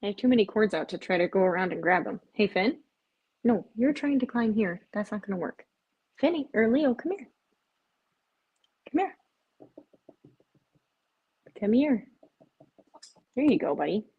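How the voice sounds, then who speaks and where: A woman's voice: mid-range voice, expressive, a little fast, breathy edge, narrow, tinny audio. A woman hosting a casual live stream, chatting and rambling, and often breaking off to coax her cats in a cooing voice.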